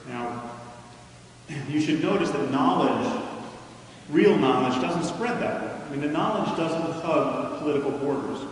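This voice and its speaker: A man's voice: fairly high pitch, lively intonation, slight background noise. Man lecturing in an echoey hall. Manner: measured and argumentative, with frequent restarts. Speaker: public speaker. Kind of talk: lecture to an audience. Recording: echoey hall recorded from far off.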